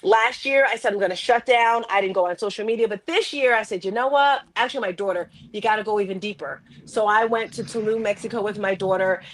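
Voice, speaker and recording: A woman life coach and author telling a personal story in an interview, animated and acting out her own self-talk. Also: medium pitch, fast, hardly any pauses.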